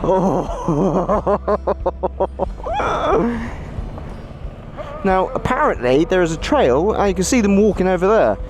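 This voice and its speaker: A man's voice: sits high, big pitch swings, normal speed, few pauses, darkish tone, soft background music. A young man giving casual commentary while riding a motorbike outdoors, exclaiming, swearing and laughing at himself, recorded on an action camera with a portable recorder. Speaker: motorcycle vlogger.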